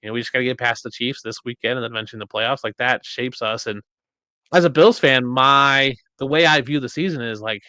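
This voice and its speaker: Bright-voiced man hosting a podcast. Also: medium pitch, a little fast, smooth, no echo. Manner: animated storyteller, acts out quotes. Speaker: podcast host. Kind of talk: casual chat.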